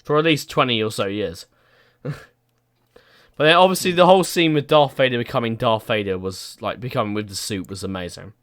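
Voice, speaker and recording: A man's voice: medium pitch, fairly quick, a bit bright, clean tone, no echo, studio quality. A young man hosting a casual podcast, chatting about films and laughing often between remarks. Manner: laughs a lot, puts on silly accents. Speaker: podcast host.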